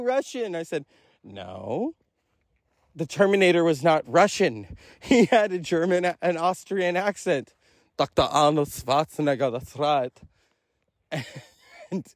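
Rambling, self-amused man with a lively voice. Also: on the high side, dry recording, studio quality. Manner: meandering, self-amused, profane asides. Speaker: podcast host. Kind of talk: rambling solo monologue.

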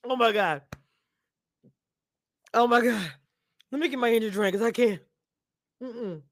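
A woman's voice: fairly high pitch, measured pace, no echo. A woman hosting a casual live stream, chatting straight to her viewers and laughing often as she talks. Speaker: live-stream show reviewer.

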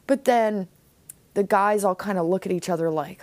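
A woman's voice: fairly high pitch, steady tone, moderate pace, a little mellow, dry recording. A young woman hosting a podcast, recapping a TV episode in a chatty, casual way full of fillers. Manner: chatty, lots of "like" and "um". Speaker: podcast host.

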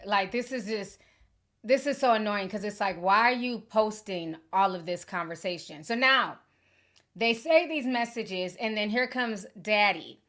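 Woman, vlog host, casual chat, reads texts aloud, flat delivery, sarcastic asides. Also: medium pitch, unhurried. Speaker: commentary vlogger. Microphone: phone or camera mic at varying distance.

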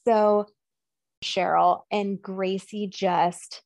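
A woman co-hosting a podcast casually recaps a film, acting out the characters' lines in an animated retelling. Her mid-range voice is gravelly and extremely slow. There is no room sound.

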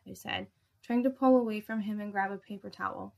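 A woman narrating a first-person erotic story in a soft, intimate, hushed way. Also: mid-range voice, steady tone, fairly quick, gravelly.

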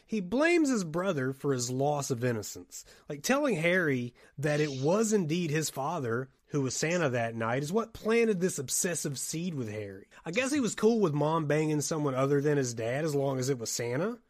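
A man's voice: a little high, big pitch swings, normal speed, hardly any pauses. A man hosting a casual podcast, wryly recapping a horror film and swearing freely. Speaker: podcast host.

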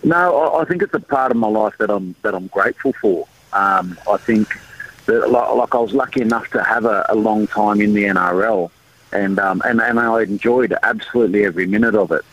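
A man's voice: fairly low pitch, a little fast, fairly bright tone, dry recording, poor audio. A man with an Australian accent, a boxing promoter and former rugby league player, answering questions in a laid-back, modest way over a radio line. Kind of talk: casual radio interview.

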